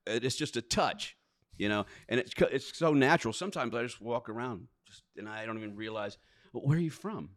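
A man who narrates audiobooks telling stories in a casual chat, animated and often laughing. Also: mid-range voice, a little fast, few pauses. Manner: animated, laughing, slips into put-on voices.

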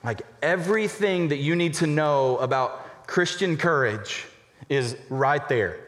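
A young adult man, a college pastor, preaching a sermon in a conversational, animated way, acting out little asides. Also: fairly high pitch, unhurried. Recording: reverberant hall.

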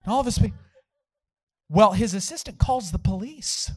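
A male pastor preaching a sermon, telling a story and acting out the quotes with sudden shouts. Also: high-pitched, normal speed, poor audio.

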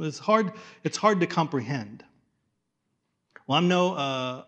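A man preaching a sermon in a conversational way, restarting phrases and dropping to a hush for weight. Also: on the high side, normal speed. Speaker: pastor.

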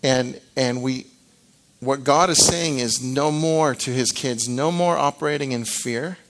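A middle-aged man delivering a lively sermon, his pitch sitting in an ordinary middle range. He acts out the reactions of the people he describes and often repeats the start of a phrase before carrying on. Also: measured pace. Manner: animated, acts out quoted reactions, frequent restarts. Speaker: preacher.

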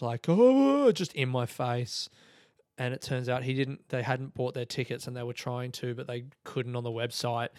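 This man's medium-pitched voice comes through with studio quality and no room sound. Hosting a podcast, he spins a casual story full of swearing and laughter, mimicking others' voices when he quotes them.

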